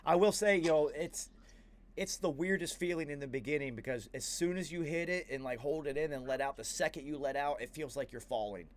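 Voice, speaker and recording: A man's voice: on the high side, a little fast, a little hiss or hum. A man hosting a podcast, telling a story in a casual, slangy, profane way. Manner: slangy and profane, says "yo" and "dude" a lot. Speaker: podcast host.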